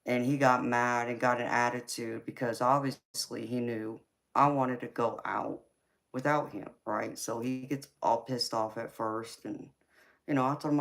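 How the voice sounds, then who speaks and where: A woman hosting a live stream, casually telling a personal story in an animated way, swearing freely and laughing as she talks. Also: a bass voice, unhurried. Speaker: tarot reader and live stream host.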